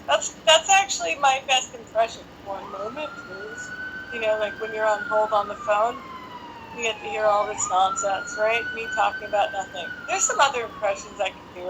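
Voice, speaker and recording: A woman's voice: fairly high pitch, wildly swooping pitch, brisk, background noise. A woman hosting a casual live stream from her apartment on a phone. She chats and jokes to herself while she waits for guests. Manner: chatty, joking, talks to herself while waiting. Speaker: host. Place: home apartment.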